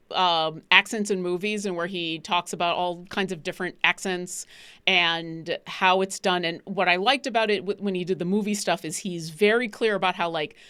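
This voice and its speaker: A woman from Buffalo, New York, chatting casually on a live stream in an animated, emphatic, rambling way. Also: on the low side, smooth, no room sound. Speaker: stream co-host.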